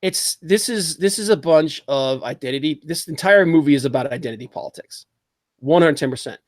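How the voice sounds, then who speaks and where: A man hosts a casual livestream, talking in an animated, opinionated way and reacting to chat as he goes. His voice sits a little high. The sound is dry and close, with no room in it. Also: brisk, no room sound. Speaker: podcast host.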